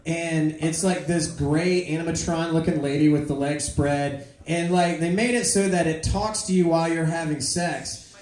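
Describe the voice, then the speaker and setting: A woman doing a rambling, profane stand-up comedy set, breaking into loud shouted bits. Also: low voice, steady tone, moderate pace. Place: comedy club with audience. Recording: echoey club room with crowd.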